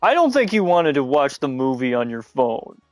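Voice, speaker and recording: A man livestreaming a game in casual, excitable chat, giggling often and shouting catchphrases. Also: medium pitch, moderate pace, soft background music. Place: at home, mom nearby.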